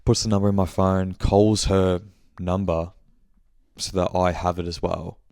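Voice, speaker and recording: A young man chats through a rambling, sweary story in a casual podcast check-in. His voice sits low and flat with a gravelly edge. The sound is dry and close, with no room echo. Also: unhurried. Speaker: podcast host. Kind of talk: casual monthly check-in chat.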